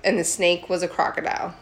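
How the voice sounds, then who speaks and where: A woman's voice: lowish voice, little pitch movement, moderate pace. A woman in casual comedic chat, irreverently retelling a story with silly voices and frequent laughter.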